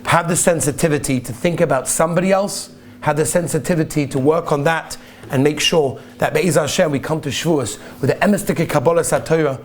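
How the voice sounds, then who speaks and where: A man's voice: on the high side, a little fast, slight background noise. A man, a rabbi, giving a sermon and telling stories in an earnest, emphatic way, repeating key phrases. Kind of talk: sermon with storytelling.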